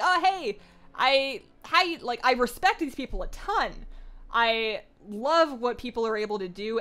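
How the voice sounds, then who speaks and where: A woman's voice: a little high, a bit bright. A young woman livestreaming a game, chatting casually and rambling in a self-deprecating way as she reads viewer comments. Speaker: gaming streamer. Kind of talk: casual live-stream chat.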